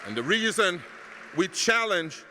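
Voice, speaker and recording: A middle-aged man, a pastor giving a keynote address, preaching in a rousing cadence that climbs to shouts. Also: high-pitched, very animated, a little slow, some chatter behind, slight background noise. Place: large hall at a public celebration. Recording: long hall reverb.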